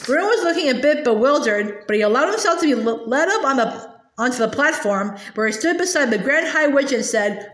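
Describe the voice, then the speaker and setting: High-voiced woman reading a storybook. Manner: expressive, occasional slips and repeated words. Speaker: storybook reader. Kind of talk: reading a children's novel aloud. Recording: roomy echo.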